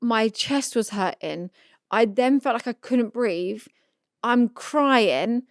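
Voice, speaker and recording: A woman in her thirties, a podcast co-host, chatting casually and telling a story with animated reenactment. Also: on the high side, takes it slowly, dry recording, studio quality. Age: 30s.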